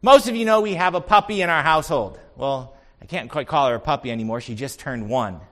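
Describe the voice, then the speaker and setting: A man's voice: fairly high pitch, a little fast, a bit bright. A man pastor delivering an earnest sermon, telling stories and building to emphatic points. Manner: earnest, storytelling preacher with rising emphasis.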